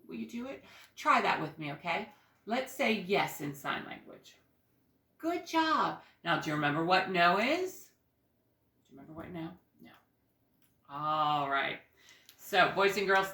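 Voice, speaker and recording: A woman preschool teacher reading aloud to young children and leading a class activity, slow, sing-song and encouraging, dropping to soft asides. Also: sits low, reverberant.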